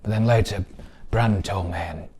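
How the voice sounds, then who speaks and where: A man doing a brooding deadpan young watchman. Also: normal speed, background noise, lightly acted. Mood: mumbling, weary. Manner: deadpan, low mumbling. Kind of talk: comedic impression sketch.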